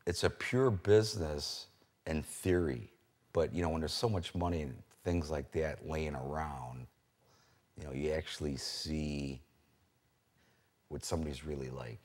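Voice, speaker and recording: A man's voice: extremely low pitch, a little slow, a little mellow. A man, a floor trader, telling blunt, profane stories in a documentary interview.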